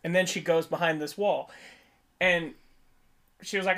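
A man co-hosting a podcast who tells a funny story in a casual, animated way, slipping into quick impressions. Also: fairly high pitch. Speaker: podcast co-host.

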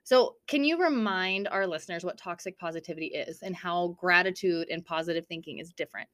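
A young woman co-hosting a podcast in casual chat, dramatic and quick to swear while reading trivia aloud. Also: fairly low pitch, fairly bright tone. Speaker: podcast co-host.

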